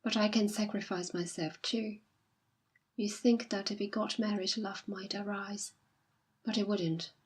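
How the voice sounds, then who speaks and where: A woman reading aloud as a jilted young woman who is quiet, dignified and self-sacrificing. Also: medium pitch, steady tone, a little slow, breathy edge. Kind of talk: audiobook reading.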